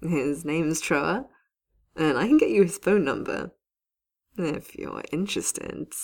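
A woman's voice: sits low, expressive, slow pace, vocal fry, a little mellow, exaggerated voice. A woman voicing a playful, cheeky young man who speaks in a breezy, teasing way.

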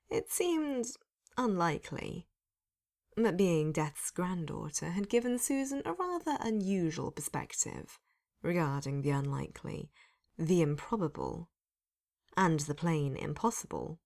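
Low, gravelly woman reading a story. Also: animated, unhurried, darkish tone. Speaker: narrator.

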